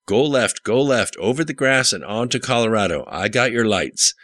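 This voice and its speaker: A man reading an audiobook, voicing a tense, jittery young male hacker with a squeaky, anxious edge. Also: lively intonation, moderate pace, a bit bright, dry recording, close to an everyday voice. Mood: urgent. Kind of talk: audiobook character voice.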